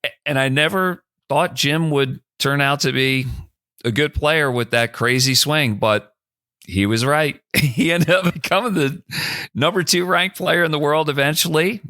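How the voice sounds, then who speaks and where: A man in his fifties from the Philadelphia area spins a lively yarn as a podcast guest, jumping his voice up to play the people he quotes. His tone is bright and forward. The sound is close and dry. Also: unhurried, dry recording. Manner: animated storyteller who acts out quoted lines with big pitch jumps. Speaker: guest, former college golfer and broadcaster. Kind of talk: casual storytelling in a podcast interview.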